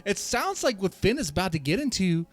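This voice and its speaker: A man streaming a video reaction, ranting and swearing in a heated, animated way and laughing at himself. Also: high voice, fairly quick.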